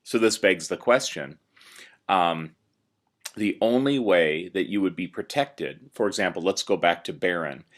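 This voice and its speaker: A man's voice: low voice, a little slow. A man teaching a recorded lesson, explaining step by step with many "uh"s and "um"s. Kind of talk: recorded classroom lecture.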